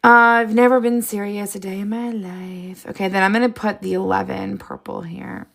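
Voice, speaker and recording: A woman hosting a casual live stream, chatty and excitable, jumping from idea to idea with frequent laughs. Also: mid-range voice, moderate pace, creaky. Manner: excitable, jumps between ideas, frequent laughs.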